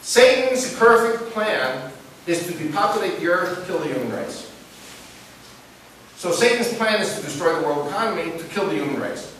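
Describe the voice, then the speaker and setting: A high, bright-voiced man addresses a crowd in an animated preaching style, firing questions at them and spinning anecdotes. He is heard from some way off in a very echoey hall, with a faint hiss under the recording. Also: normal speed. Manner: animated, asks the audience questions and tells stories. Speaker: speaker addressing an audience. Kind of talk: preaching-style talk to a live audience. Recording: echoey room picked up from a distance with hiss.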